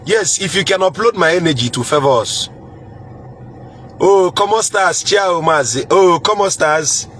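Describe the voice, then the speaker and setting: A playful man with a Nigerian accent chats live with his viewers, chuckling, repeating his words and trying out greetings. His voice sits a little high. Faint traffic noise hums behind him. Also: expressive, moderate pace, a bit bright. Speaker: livestream host reading viewer comments. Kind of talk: casual live chat.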